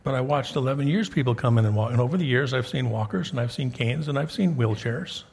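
A middle-aged man delivers a sermon from the pulpit of his church. His voice is somewhat husky and breathy. He talks with the congregation in a conversational way and pushes up with emphasis when he drives a point home. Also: medium pitch, fast, darkish tone. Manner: conversational preaching, rising emphatically on key points. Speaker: pastor. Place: church sanctuary.

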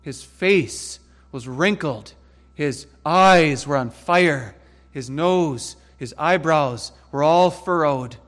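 A man preaching a sermon with emphatic, dramatic delivery, slowing to stress words and speeding through asides. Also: fairly high pitch, fairly bright tone, big-room sound. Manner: emphatic, dramatic, swings between slow stresses and quick asides.

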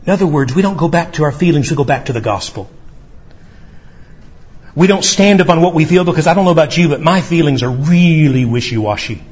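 A man preaching in a church, his voice husky and a little high. He speaks earnestly, voicing quoted lines and stumbling over quick restarts. The recording sounds dull and lo-fi. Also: animated. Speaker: pastor. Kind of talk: sermon. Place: church sanctuary.

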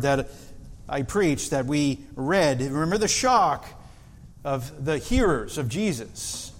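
A man delivers an earnest expository sermon, his voice sitting a little higher than most men's. He leans into key points with rising emphasis and now and then restarts a word. The sound carries a long reverb, as from a large hall. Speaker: pastor.

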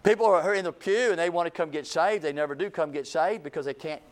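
Male revival preacher, fairly high-pitched, swings between booming and near-whispered lines. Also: fast talker. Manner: swings from booming to hushed, repeats phrases. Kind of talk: revival sermon.

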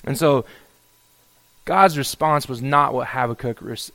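A pastor preaches a sermon, reading scripture and then expounding on it, acting out a prophet's pleading complaints to God with rising intensity. His voice is medium in pitch, measured in pace, and sharp in tone.

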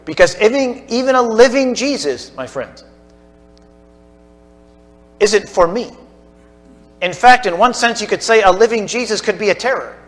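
A man preaching a sermon to a church congregation, building to emphatic peaks and dropping to hushed asides. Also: sits high, lively intonation, normal speed, long pauses, soft background music. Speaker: pastor.

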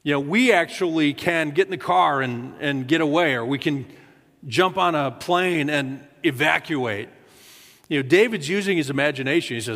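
A male pastor preaches in a loose conversational way, with a voice a little higher than most men. He repeats words as he goes and acts out the quoted lines. His voice rings through a hall with a long reverb. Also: moderate pace, fairly bright tone. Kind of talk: sermon. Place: church sanctuary.

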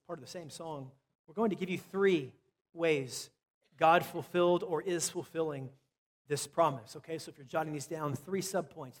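A man preaching a sermon with emphasis, repeating key phrases and dropping to soft asides. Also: high-pitched, big-room sound. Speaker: pastor.

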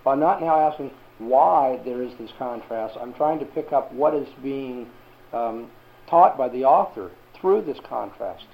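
Man teaching a Bible class, gravelly. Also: mid-range voice, animated, unhurried, phone-quality sound. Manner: asks the class questions.

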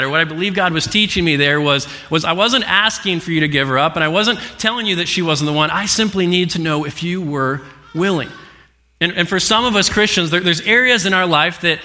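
A young man delivers an earnest sermon in a bright, forceful voice pitched a little high. He stumbles and restarts as he tells his story. The sound rings with the long reverb of a large church hall. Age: 20s.

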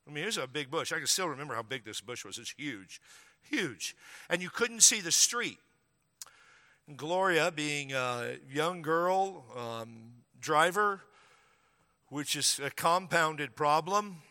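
Male pastor, storytelling sermon, bright and fairly high voice, long hall reverb. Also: animated, unhurried. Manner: conversational, humorous, building to emphatic preaching. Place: church sanctuary.

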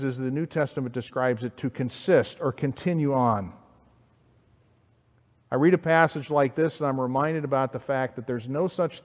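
Male pastor, slightly higher voice, measured and explanatory, sermon in a hall with long reverb. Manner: measured, explanatory, reads scripture aloud.

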